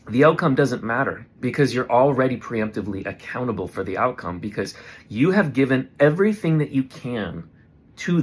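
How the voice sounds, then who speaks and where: A man's voice: mid-range voice, a bit bright, husky. Earnest guy doing a motivational talk to his camera, reflective, coaching himself. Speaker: vlogger. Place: indoors in front of a camera.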